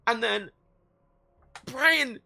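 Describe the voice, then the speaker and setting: This livestream host, a man in his late twenties, tells stories in animated casual chat full of swearing and frequent laughter. He speaks extremely slowly in an extremely high voice with vocal fry, and there's no room sound.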